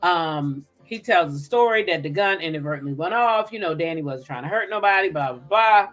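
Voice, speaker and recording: A woman's voice: on the low side, expressive, brisk, a bit bright. A woman hosting a casual livestream recap, chatting loosely, greeting viewers by name and cursing freely. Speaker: host.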